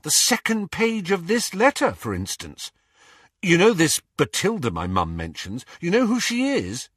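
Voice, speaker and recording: A keen teenage boy wizard who holds something back, as a male reader puts him on. His husky voice moves up and down with eagerness, dry and close. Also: on the high side, huge pitch swings, measured pace, fairly bright tone, no echo, pitched above the performer's own voice, heavily acted. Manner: eager, guarded.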